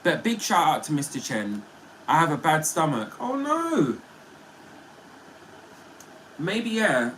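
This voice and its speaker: A chatty man hosting a livestream, his fairly high voice swinging up and down with lots of life. His tone is bright and forward, and he talks playfully to his chat. A faint hiss sits under the recording. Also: big pitch swings, normal speed, low-quality recording. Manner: chatty and playful, often laughing. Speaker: livestream host. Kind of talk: casual livestream chat reading viewer comments.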